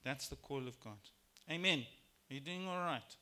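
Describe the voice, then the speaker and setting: Bright, animated male preacher. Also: normal speed. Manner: animated, acts out quoted voices with rising pitch and volume. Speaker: pastor. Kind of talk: sermon. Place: church sanctuary.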